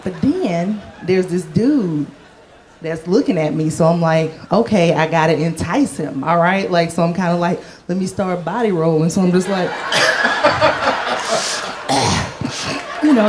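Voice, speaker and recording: A woman's voice: on the low side, expressive, slow, pauses often, background noise. A woman performing a stand-up comedy set. She is playful and self-mocking, and she acts out the voices of the people in her stories.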